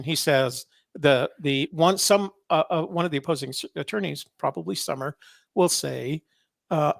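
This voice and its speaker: A man hosting a podcast, reading court filings aloud with wry, sarcastic asides and many halting fillers. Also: a little high, vocal fry, no echo, clean studio sound. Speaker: podcast host.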